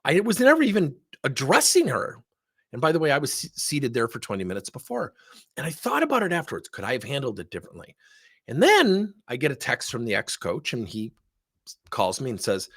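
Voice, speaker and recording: A middle-aged man gives a leadership talk in a slightly husky voice. His pitch swings widely as he tells his stories. He keeps throwing rhetorical questions at the listener. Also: fairly quick. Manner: animated storytelling, rhetorical questions. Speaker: leadership speaker. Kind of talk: motivational talk with anecdotes.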